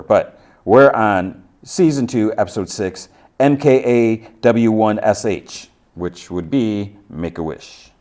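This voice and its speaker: A man hosting a podcast, casually recapping TV episodes and quoting characters in a low, muted voice. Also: a little mellow. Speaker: podcast host.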